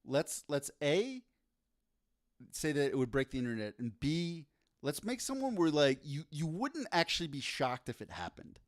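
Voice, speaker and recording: A man co-hosting a comedy podcast, talking in rambling, halting bursts with crude humor. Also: a little high, sing-song. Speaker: podcast co-host. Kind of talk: casual comedic chat.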